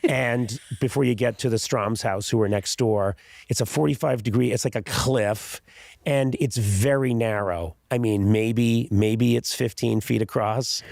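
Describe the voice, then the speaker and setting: Man, podcast host, gravelly, dry close sound, animated storyteller. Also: medium pitch, a little slow, dry recording. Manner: animated, self-mocking storyteller.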